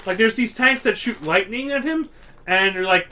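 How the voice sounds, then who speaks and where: A tipsy man on a casual comedy podcast, rambling excitedly and swearing as he explains monster films. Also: high-pitched, moderate pace. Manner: rambling, excitable, profane, acts out monster voices. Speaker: podcast guest explaining a film franchise.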